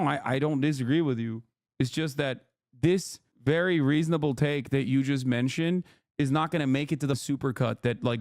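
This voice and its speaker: A man's voice: medium pitch, darkish tone, dry recording, studio quality. A man streaming live, ranting at his chat in exasperated, profane commentary as he reacts to a video. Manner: scolding his chat directly.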